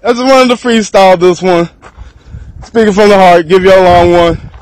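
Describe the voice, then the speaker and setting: A man's voice: sits high, fairly even intonation, normal speed, clear, resonant tone, no room sound, rough recording. A man from Texas, rambling through a profane freestyle rant to camera and laughing between thoughts.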